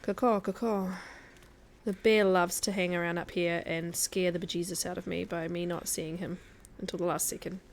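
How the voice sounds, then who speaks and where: A woman's voice: on the low side, flat delivery, brisk, few pauses, slight background noise. A woman chatting casually as a guest streamer while she plays a survival game, laughing often. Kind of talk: casual gameplay commentary.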